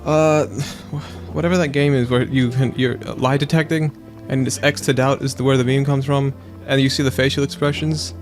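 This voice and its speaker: Man, let's play host, casual rambling chat, animated, silly quote voices, mid pitch, faint music behind. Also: moderate pace, few pauses.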